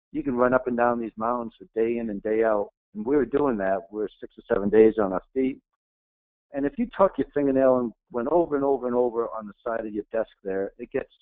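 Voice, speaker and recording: A man's voice: mid-range voice, no room sound. A middle-aged man giving an earnest, emphatic motivational talk as a guest speaker. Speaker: guest speaker, retired Navy SEAL. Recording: tinny phone-like, dry.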